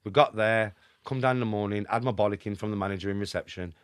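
A middle-aged man with a Birmingham accent, a podcast guest telling rapid, emphatic anecdotes and constantly checking in with the listener. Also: on the low side, dry recording, studio quality. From Birmingham, England. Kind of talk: casual storytelling.

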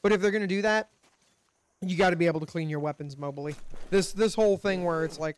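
A man's voice: high-pitched, quick pace, smooth. Profane, frustrated man doing gameplay commentary. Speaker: gaming channel host. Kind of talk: let's play commentary.

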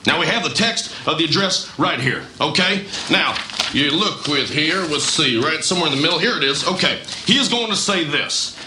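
A man's voice: on the high side, animated, normal speed, natural voice. A man playing a scheming male senator who rallies his colleagues in a comedy sketch, conspiratorial and giggly. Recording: sketch replayed in an echoey, noisy room.

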